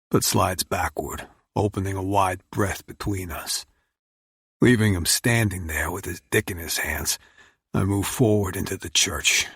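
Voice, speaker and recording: A man narrating a dark romance audiobook in first person, brooding and intense. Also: sits low, slightly rough, no echo, studio quality.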